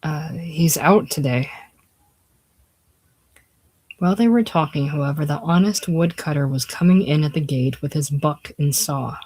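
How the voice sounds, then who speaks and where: A casual reader narrating a classic novel aloud in a plain, unhurried way, dropping lower and quieter on speech tags. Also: low-quality recording. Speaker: audiobook reader.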